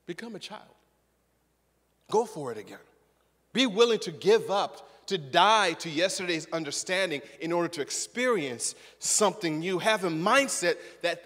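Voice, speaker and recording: High-voiced animated preacher in a hall. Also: male voice. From Zimbabwe. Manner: animated, acts out quotes, repeats words. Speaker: pastor. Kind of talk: sermon. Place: church sanctuary.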